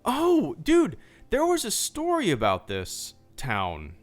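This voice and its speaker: A man's voice: on the high side, wildly swooping pitch, slow pace, faint music behind. Chatty, rambling male streamer. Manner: rambling, chatty, many restarts and fillers. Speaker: YouTube channel host. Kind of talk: casual livestream supporter Q&A.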